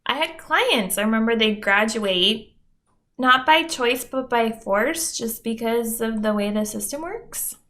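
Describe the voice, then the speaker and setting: A woman's voice: on the high side, expressive, a little slow, sharp tone. A young adult woman hosting a podcast, talking candidly and mocking herself, with dramatic asides and plenty of swearing. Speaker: podcast host. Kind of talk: candid solo monologue.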